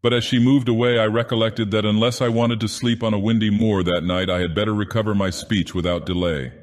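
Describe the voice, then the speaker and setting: A man doing a deep, ancient god-villain narrating. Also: fairly even intonation, a little fast, lightly acted. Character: ancient godlike male villain, grand and menacing. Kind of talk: audiobook narration in character. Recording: long reverb added.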